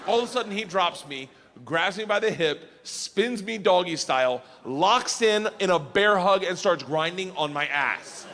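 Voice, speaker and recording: A male stand-up comedian telling a story loudly and animatedly, laughing and breaking into high shouts. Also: lively intonation, measured pace, few pauses. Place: comedy stage.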